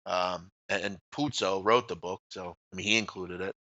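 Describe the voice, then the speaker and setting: A man's voice: sits low, steady tone, normal speed, sharp tone, no room sound, highs cut off. A man co-hosting a casual sports talk show, blunt and trash-talking, often trailing off at the ends of phrases. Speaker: co-host. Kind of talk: casual sports radio banter.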